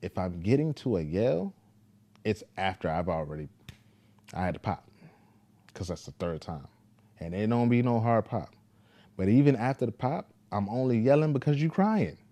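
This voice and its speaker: A father talking casually to the camera, telling a parenting story in a laid-back, deliberate way. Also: on the low side, animated, warm tone.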